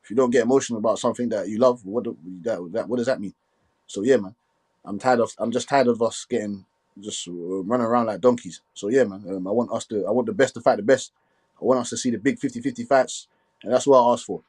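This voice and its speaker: A man hosting a casual live stream, talking quickly and filling his speech with "you get me". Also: mid-range voice, darkish tone, slightly rough. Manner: fast, repetitive filler "you get me".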